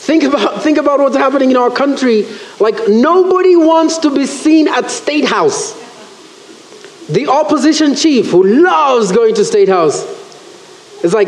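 A man preaching a sermon in church, animated and acting out the voices he quotes. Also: very high voice, a little slow. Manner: animated, acts out quoted voices, self-correcting. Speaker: pastor. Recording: roomy church echo.

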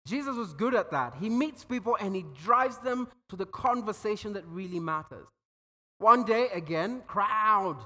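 A man's voice: sits high, lively intonation, moderate pace, bright, forceful tone. A man preaching a sermon, telling stories and acting out quoted voices, often repeating words as he goes. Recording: long hall reverb.

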